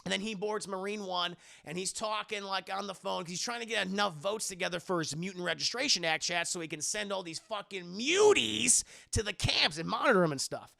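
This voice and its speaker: A man recaps a film on a live stream, rambling, swearing freely and talking straight to his chat. His voice is heavily gravelly and bright, and it sits fairly high for a man. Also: a little fast, few pauses. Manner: profane, rambling, keeps addressing chat.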